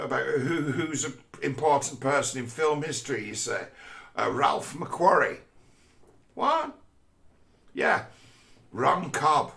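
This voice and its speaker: A man's voice: mid-range voice, creaky, bright, forceful tone. A man in a rambling, profane casual rant who often stumbles and repeats words mid-thought.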